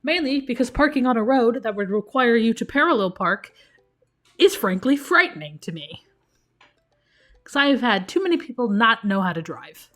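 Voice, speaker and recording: A woman streaming a video game, chatty, excitable and self-deprecating as she comments. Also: on the high side, normal speed, soft background music. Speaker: let's play streamer.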